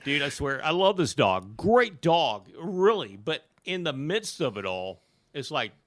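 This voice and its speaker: A middle-aged man hosting a podcast, telling a long story in casual chat and swinging into loud, high quoted voices. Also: big pitch swings, unhurried, no room sound, studio quality. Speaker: podcast host.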